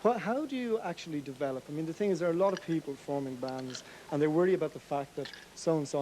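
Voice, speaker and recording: Brisk, mellow-voiced TV host. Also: male voice, on the high side, a little hiss or hum. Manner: brisk, prompting, interjecting short agreements. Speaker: TV talk show host. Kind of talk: hosting a live TV interview. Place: TV studio with an audience.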